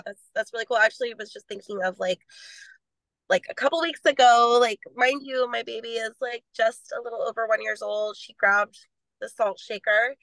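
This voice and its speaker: A young woman speaks on a faith podcast, earnest and rambling with plenty of filler words. Her voice is bright and forward, recorded dry and close with no room sound. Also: mid-range voice, no echo, rough recording. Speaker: podcast guest. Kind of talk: casual faith talk.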